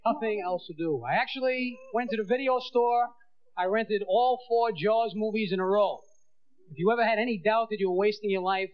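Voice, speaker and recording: A man performing stand-up comedy, talking fast and acting out little scenes in other voices. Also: high-pitched. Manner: fast, animated, acting out voices of people and the movie. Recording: dull lo-fi tape with clear hiss.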